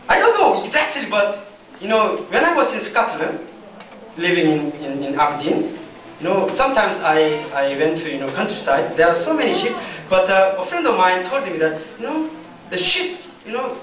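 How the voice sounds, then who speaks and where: A man with as his preaching a sermon in a church hall, speaking slow, deliberate English full of fillers and restarts. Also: high voice, fairly bright tone. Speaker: pastor. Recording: echoey church hall from far off.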